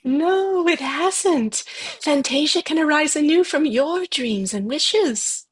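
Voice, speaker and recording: A woman reading the part of a gentle, wise young empress in a table read, with a soft, calm and encouraging way of speaking. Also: high-pitched, slow pace.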